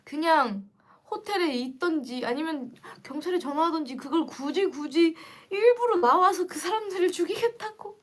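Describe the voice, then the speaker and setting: A young woman chatting casually to viewers on a livestream, lively and quick to react. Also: very high voice. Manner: chatty and animated, switching between English and Korean. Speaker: livestream host.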